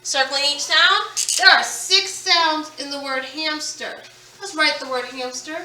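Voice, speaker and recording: A woman teaching a phonics lesson to children, speaking slowly and emphatically and repeating each word and sound. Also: high voice, fairly even intonation, bright, forceful tone, a little hiss or hum. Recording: echoey room, mic at a distance.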